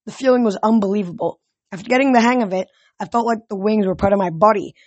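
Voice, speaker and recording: A man reading a novel aloud as a fan audiobook, steady with occasional slips and restarts. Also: high voice, fast, no echo, muffled recording. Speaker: audiobook reader.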